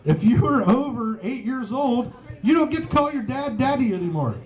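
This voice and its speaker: This comedian's voice is very high and animated, moving at an ordinary pace through a pub stand-up set. He cusses without restraint, giggles at his own punchlines, and a faint live crowd can be heard.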